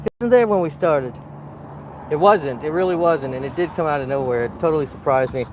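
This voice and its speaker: A man's voice: a little high, a little fast, noisy background. A man, painting outdoors and chatting casually to viewers in a playful, rambling, wry way. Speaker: plein air painter. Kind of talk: casual narration while painting. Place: outdoors in a wildflower field.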